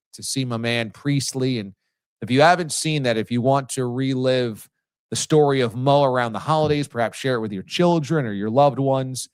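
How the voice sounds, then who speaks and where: The host's voice is medium-pitched, clear, and resonant, with no room sound. He runs a live sports talk stream in a loose, humorous way, reading out what viewers comment.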